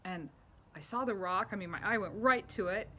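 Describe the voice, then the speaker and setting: A middle-aged woman sharing a personal story about her rock art in an earnest, heartfelt way, with soft laughs and quiet emotional moments. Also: mid-range voice, a little fast, slight background noise.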